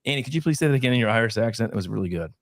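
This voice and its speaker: A man's voice: medium pitch, animated, rapid-fire, no room sound, studio quality. A man hosting a casual whiskey tasting show, joking and teasing his co-hosts. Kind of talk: casual chat.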